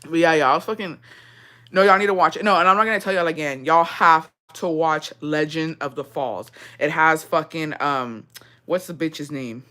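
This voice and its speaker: A woman's voice: deep voice, normal speed, pushed and bright. A young adult woman vlogger chatting casually with her viewers in an emotional, rambling way, full of swearing.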